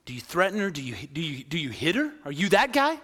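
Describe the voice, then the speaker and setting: A man preaching a lively sermon, often asking the crowd "right?" and acting out quoted voices. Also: fairly high pitch, quick pace, big-room sound. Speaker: pastor.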